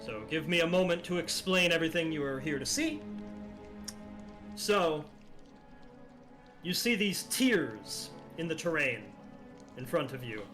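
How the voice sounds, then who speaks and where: A male game master narrating a tabletop role-playing session, slightly high voice, slow and unhurried. Fillers sit between his descriptive lines, and music plays clearly behind him. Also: animated, a bit bright. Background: background music.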